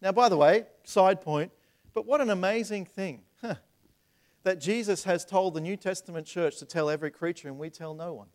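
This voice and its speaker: A man's voice: high voice, normal speed, a little mellow. A man preaching a sermon as a pastor, asking the room rhetorical questions and stumbling over repeated words. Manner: acts out voices in retold scenes.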